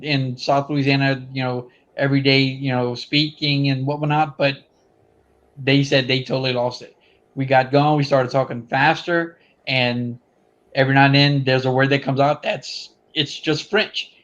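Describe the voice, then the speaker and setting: A man in casual chat, telling stories slowly and deliberately. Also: mid-range voice, highs cut off.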